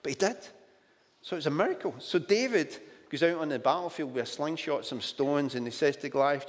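A Scottish man preaching a sermon and telling the story in a chatty way, full of "do you know" asides. His voice sits slightly high for a man. A long reverb from a large hall trails behind him. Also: brisk.

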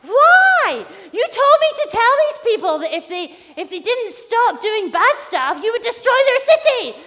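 A woman's voice: fairly high pitch, a little slow, in a large hall, close to an everyday voice. A woman voicing a grumpy, stubborn male prophet who rants indignantly at the top of her voice. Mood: furious. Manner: shouting, indignant ranting.

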